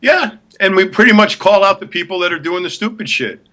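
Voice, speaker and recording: A man with a high, bright voice rants on a talk show. He is blunt and scornful and hammers his points home by repeating them. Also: lively intonation, fairly quick. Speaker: podcast co-host. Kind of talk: opinionated rant.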